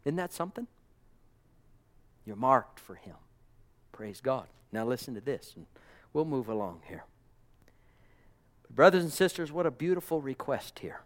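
A man preaching a sermon with passion, calling out amens and praise to the congregation, dropping to a hush and then rising to loud exclamations. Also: mid-range voice, sing-song, measured pace, pauses often. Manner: impassioned, swings from hushed murmurs to loud exclamations; calls out amen and praise God to the congregation.

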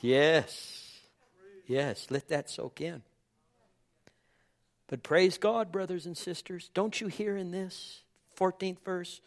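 A male pastor preaching a sermon with passion, swinging from loud calls to hushed whispers and repeating phrases with cries of amen. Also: high-pitched, slow pace.

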